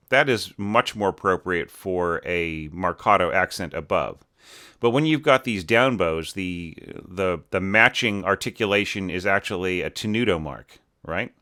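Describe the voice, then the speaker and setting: A man with a low voice and a bright, forceful edge talks through a score as an orchestration teacher. He thinks out loud, restarting sentences and tagging them with "right?" and "you know". It sounds like an unscripted desktop-mic review. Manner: thinking aloud with many fillers and restarts. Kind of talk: casual spoken score review.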